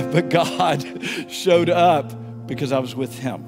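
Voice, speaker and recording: A pastor giving a sermon, telling a story and leading prayer, moving between emphatic and hushed delivery. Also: male voice, on the high side, a little slow, long reverb tail, over music. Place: church sanctuary.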